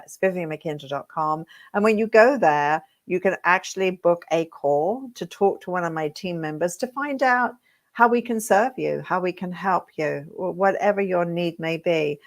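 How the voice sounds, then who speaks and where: A British woman, a hairdressing coach, telling her career story straight to camera with lively check-ins to her viewers. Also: on the low side. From Britain. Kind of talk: reflective direct-to-camera talk.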